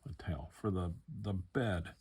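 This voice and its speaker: Older man with a low voice, rambling. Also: a little slow, husky. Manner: relaxed, rambling, with many fillers and restarts. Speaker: model kit hobbyist. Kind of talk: casual unboxing commentary.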